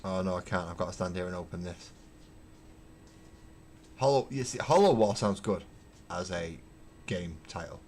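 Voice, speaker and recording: A man hosting a casual livestream while painting miniatures, rambling wryly and thinking out loud as he answers viewer comments from his hobby room at home. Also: low-pitched, lively intonation, moderate pace, long pauses, slight background noise. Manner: rambling, wry, thinks aloud with fillers. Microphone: webcam.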